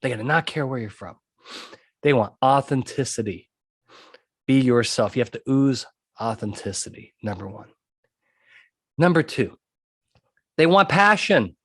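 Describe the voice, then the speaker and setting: A man's voice: mid-range voice, animated, a little slow, pauses often, a bit bright, slightly rough, no echo, studio quality. A man hosting a podcast monologue who talks emphatically, repeats his key points and keeps checking in with "okay?". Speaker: podcast host and trial consultant.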